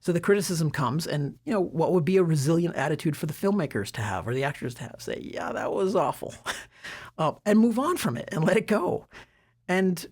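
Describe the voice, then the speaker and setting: A middle-aged man with a husky voice, giving self-development advice in a relaxed, conversational way with frequent fillers and restarts. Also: on the high side, brisk. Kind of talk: casual talk to camera.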